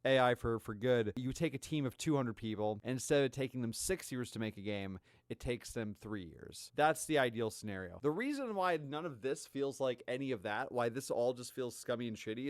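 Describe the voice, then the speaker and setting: A man's voice: mid-range voice, no room sound. A man streaming, reacting to gaming news with sarcastic, exasperated commentary.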